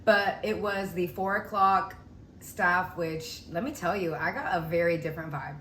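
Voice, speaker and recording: A young woman telling a story in a casual vlog, chatty and animated, acting out the people she quotes. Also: fairly low pitch, moderate pace. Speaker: vlogger. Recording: echoey room with faint noise.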